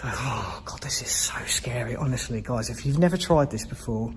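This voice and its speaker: A man's voice: mid-range voice, moderate pace. A man exploring an abandoned building alone at night, whispering his fear and swearing often into a handheld camera. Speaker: solo paranormal explorer.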